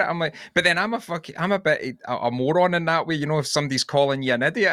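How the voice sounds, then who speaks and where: A Scottish man muses aloud in relaxed podcast chat, with a bright, forceful tone. He rambles and swears as he thinks things through. His voice sounds dry and close. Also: a little high, fast, hardly any pauses, dry recording. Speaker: podcast co-host. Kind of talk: casual chat.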